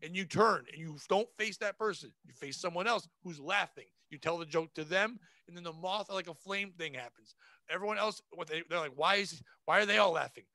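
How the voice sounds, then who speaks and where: A man with a notably high, bright, sharp-edged voice, talking shop as a comedian. He is blunt and profane and acts out the people in his stories, and the recording is close and dry with no room sound. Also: a little fast, no room sound. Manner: blunt, profane, animated storytelling. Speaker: comedian guest. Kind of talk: casual podcast chat.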